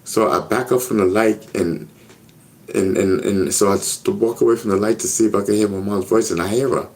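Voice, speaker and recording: A man's voice: lowish voice, fairly even intonation, a little fast, a little mellow. A man telling a personal story in a casual interview, earnest and repetitive, often checking in with "you know what I mean?". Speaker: interview guest.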